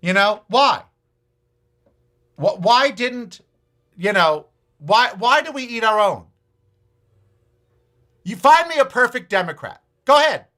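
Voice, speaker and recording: A man's voice: extremely high pitch, lively intonation, takes it slowly, pauses often, bright, forceful tone. A man hosting a political talk show, ranting with profanity, sarcasm and repeated challenges to his audience. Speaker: podcast host.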